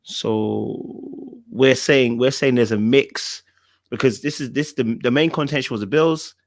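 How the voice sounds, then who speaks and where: A man hosting a podcast interview, asking pointed questions and restating the answers to make them clear. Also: medium pitch, measured pace. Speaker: podcast host.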